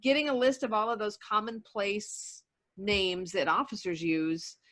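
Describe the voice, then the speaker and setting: A woman's voice: mid-range voice, a little slow. A woman co-hosting a casual podcast about dispatch work, talking in an easy conversational way and drawing out stories. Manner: relaxed, conversational, prompts stories. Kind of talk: casual chat.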